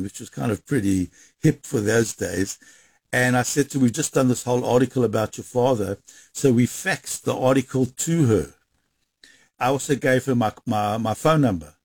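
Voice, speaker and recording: A man recounting events in an animated interview, talking quickly and restarting his sentences. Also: medium pitch, slightly rough, no room sound. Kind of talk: storytelling interview.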